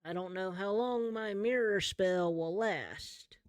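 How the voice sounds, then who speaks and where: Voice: mid-range voice, slow pace, clean tone, dry recording, clean studio sound, lightly acted. A game master voicing a scheming male pirate captain who growls "arr" and talks in pirate slang.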